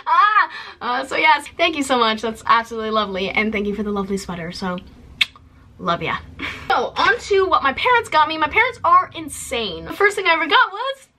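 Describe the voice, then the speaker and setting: Bubbly high-voiced young woman. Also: sing-song, brisk, pushed and bright, a little hiss or hum. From Canada. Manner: bubbly, chatty, lots of "like" fillers and squeals. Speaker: vlogger. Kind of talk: casual haul chat.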